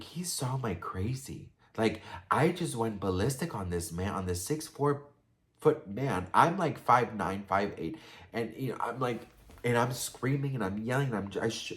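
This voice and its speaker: A man's voice: mid-range voice, sing-song, moderate pace. A young man telling a personal story in a casual, profane, gossipy way, full of fillers and asides to his viewers. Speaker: storytime vlogger.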